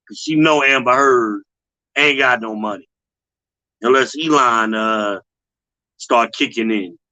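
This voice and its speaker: Man, bright forceful voice, dry close mic, blunt slangy livestream talk. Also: no room sound, low-quality recording. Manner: blunt, slangy, talks straight to viewers; mocks others with high put-on voices. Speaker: host. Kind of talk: casual commentary livestream.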